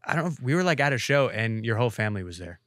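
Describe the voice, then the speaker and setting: A man's voice: medium pitch, very animated, racing, a bit bright, no room sound, studio quality. A young man hosting a podcast, joking and rambling in casual banter. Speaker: podcast host. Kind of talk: casual chat.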